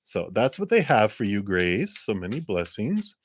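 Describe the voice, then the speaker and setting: A man giving live-streamed tarot readings in a gentle, encouraging way, rambling a little with fillers. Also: lowish voice, sing-song, moderate pace, no echo. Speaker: tarot reader.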